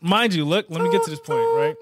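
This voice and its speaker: High-voiced young man telling a story. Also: fast talker. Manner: animated, rising loud when indignant, heavy slang and fillers. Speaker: podcast co-host. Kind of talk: casual storytelling chat.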